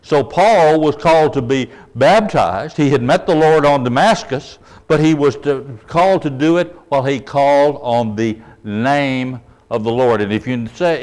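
A man preaching a sermon, emphatic, often checking in with the audience and letting his voice drop soft at the ends of phrases. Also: mid-range voice.

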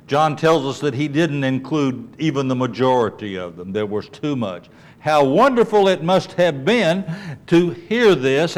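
A man teaching a conversational Bible lesson, explaining and often checking in with the class, thinking aloud with restarts. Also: a little high. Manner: explains and asks the class, with frequent checks of "okay?".

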